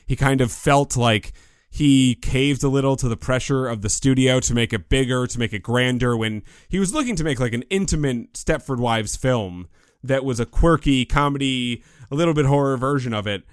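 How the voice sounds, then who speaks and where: This podcast co-host has a clear, resonant mid-range voice and speaks at a moderate pace, recorded cleanly in a studio with no room sound. He talks about a movie in a relaxed review chat, performing lines from it and cracking jokes.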